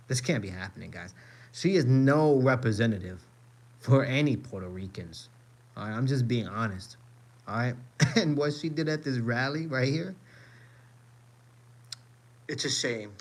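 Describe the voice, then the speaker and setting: Swearing ranting man streaming live. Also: medium pitch. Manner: emphatic, repetitive, swears a lot, keeps addressing viewers. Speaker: live-stream host reacting to a rally. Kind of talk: profane ranting live reaction.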